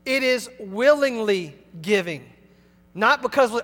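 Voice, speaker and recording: High-voiced pastor preaching in a reverberant hall. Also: male voice, lively intonation, a little slow. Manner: emphatic, preacherly, swings between loud and hushed. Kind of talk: sermon. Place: church sanctuary.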